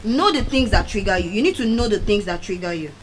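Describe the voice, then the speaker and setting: A middle-aged woman with a Nigerian accent, giving a motivational speech as animated storytelling and repeating key phrases for emphasis. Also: medium pitch, fast talker, a little hiss or hum, rough recording. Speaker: motivational speaker. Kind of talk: public speech.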